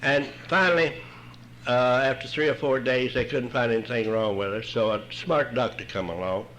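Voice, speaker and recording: A man's voice: medium pitch, moderate pace, a bit bright, slight background noise, rough recording. An older man, telling his own story at a recovery meeting in a folksy, wry way. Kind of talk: humorous personal storytelling talk.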